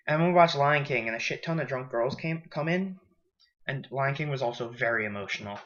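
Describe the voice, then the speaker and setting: A man's voice: medium pitch, sharp tone, highs cut off. A young man in college, chatting frankly and rambling through stories from his week in a casual vlog. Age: young adult. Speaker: college student vlogger.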